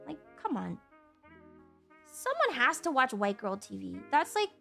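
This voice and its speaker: A young woman streaming and chatting casually while crafting, animated and giggly, swearing casually. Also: high voice, a little slow, vocal fry, faint music behind. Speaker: VTuber streamer.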